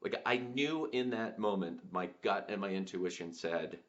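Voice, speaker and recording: Deep-voiced man telling a story. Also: fairly bright tone. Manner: halting, many fillers and restarts. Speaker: podcast host. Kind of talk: reflective personal storytelling. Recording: dull lo-fi sound.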